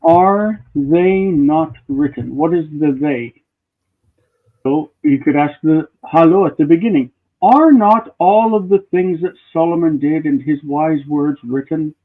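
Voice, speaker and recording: A man's voice: a little high, measured pace. Man teaching Hebrew over a tinny call. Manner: explanatory, thinks aloud with restarts. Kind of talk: live online grammar class. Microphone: video call. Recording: tinny phone-like call audio.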